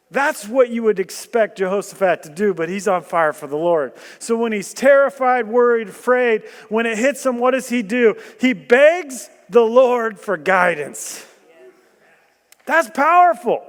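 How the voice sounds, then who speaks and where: A man preaching a sermon, animated and joking, asking the room questions and bursting into loud emphasis. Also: very high-pitched, measured pace. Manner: animated storytelling with jokes and rhetorical questions. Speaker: guest preacher. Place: church hall. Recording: long church hall reverb.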